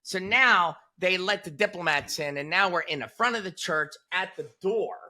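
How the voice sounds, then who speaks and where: Male interview guest in his 40s. Casual, animated storyteller with a brightish, forceful voice. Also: moderate pace. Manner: animated, punchy storyteller who drops "boom" for emphasis.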